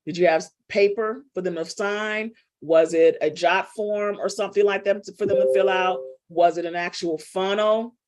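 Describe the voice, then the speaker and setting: A woman's voice: mid-range voice, steady tone, normal speed, hardly any pauses, darkish tone. A middle-aged woman business coach teaching a live online class, chatty and teasing as she calls on students by name.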